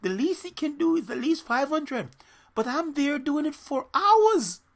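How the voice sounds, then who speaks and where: Brief: eager young man with a foreign accent, pitched way up, stretched words, put on by a male storyteller. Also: expressive, a little slow, full character voice. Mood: amazed.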